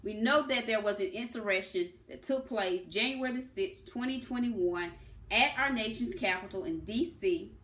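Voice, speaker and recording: A woman's voice: medium pitch, moderate pace, a bit bright. A woman giving a political commentary monologue, impassioned and emphatic, stressing her words. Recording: echoey room.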